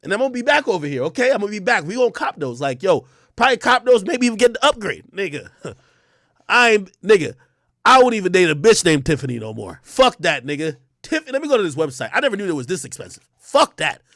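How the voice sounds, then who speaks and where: Animated high-pitched man telling a story. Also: fast talker, dry recording, studio quality. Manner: profane, laughing, acts out both sides of the dialogue. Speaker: streamer.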